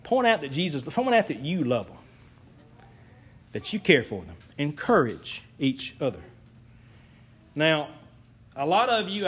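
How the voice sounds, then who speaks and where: A man's voice: sits high, a bit bright. A young man preaching a sermon as a pastor, folksy, earnest and self-deprecating.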